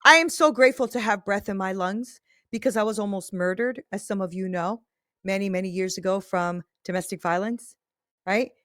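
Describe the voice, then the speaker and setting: A woman's voice: medium pitch, moderate pace, a bit bright, no echo, studio quality. A woman in her thirties hosting a faith-based podcast, talking casually and earnestly, often checking in with "right?". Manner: earnest, emphatic, often tag-asks "right?". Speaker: podcast host.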